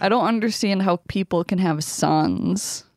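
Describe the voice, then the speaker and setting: A woman's voice: on the low side, measured pace, a little mellow, no room sound, clean studio sound. A woman co-hosting a crude comedy podcast, blunt and exasperated, swearing freely. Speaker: podcast co-host.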